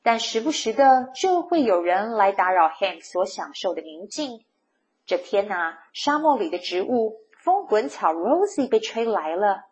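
Slow, expressive woman reading a picture book. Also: mid-range voice. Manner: slow, expressive, bilingual retelling. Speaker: storyteller.

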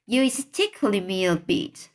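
Lady reading gentle old giant, slow, storybook, mid pitch. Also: expressive, lightly acted. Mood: fussing. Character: huge kindly old male giant, gentle, mangled grammar. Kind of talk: reading a children's book aloud.

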